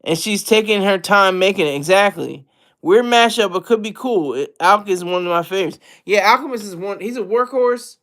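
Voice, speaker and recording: A man with a high-pitched voice talking casually in solo hip hop commentary. He rambles, backtracks and restarts often, poking fun at himself as he goes. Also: moderate pace, fairly bright tone. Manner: rambling, self-deprecating, with many restarts.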